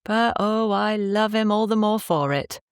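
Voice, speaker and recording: A woman's voice: mid-range voice, measured pace, clean tone, no room sound, studio quality, pitched above the performer's own voice, close to an everyday voice. A woman voicing a cheerful, affectionate young Cornish wife in an audiobook, speaking in a lilting dialect. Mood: fond.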